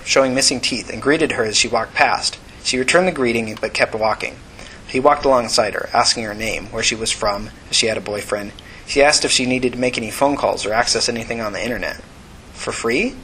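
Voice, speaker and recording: A male narrator gives a steady, even audiobook reading in a mid-pitched voice. His delivery is plain and controlled, and a faint hiss sits under the recording. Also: low-quality recording.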